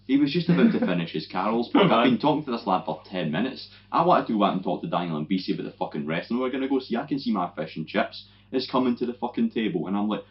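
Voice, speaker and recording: Young Scottish podcast co-host, deep voice, lively sweary storyteller, dull recording. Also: male voice, rapid-fire, few pauses. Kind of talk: casual chat. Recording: dull lo-fi audio.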